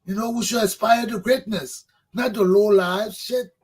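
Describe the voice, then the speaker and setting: A man's voice: high voice, fairly even intonation, moderate pace, a little mellow, slightly rough, poor audio. A man, hosting a talk show, delivering a fervent political monologue that preaches, repeats points for emphasis and swears. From Liberia.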